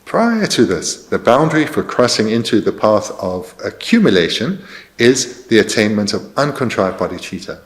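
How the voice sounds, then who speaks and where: A man translating a Buddhist dharma teaching in a careful, measured way, pausing with fillers as he searches for precise terms. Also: on the low side, lively intonation. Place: meditation centre teaching hall.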